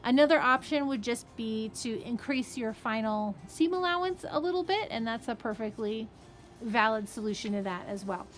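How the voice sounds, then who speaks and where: A woman's voice: on the high side, expressive, normal speed. Chatty woman teaching sewing. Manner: chatty, friendly asides, frequent "okay?" and "right?". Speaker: fabric shop owner teaching sewing. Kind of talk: casual sewing tutorial.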